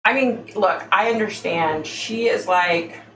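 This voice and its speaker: A woman's voice: mid-range voice, takes it slowly, fairly bright tone. A woman hosting a casual psychic livestream, chatty and exasperated, calling her listeners y'all. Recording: echoey room, faint background noise.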